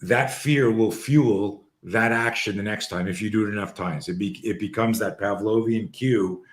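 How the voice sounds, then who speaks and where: A man with a lowish voice tells a story on a podcast, lively and loose, swearing freely as he acts out what people said. His voice rings in a roomy, echoey space. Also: normal speed. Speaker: podcast host. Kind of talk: storytelling in casual chat. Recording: roomy echo.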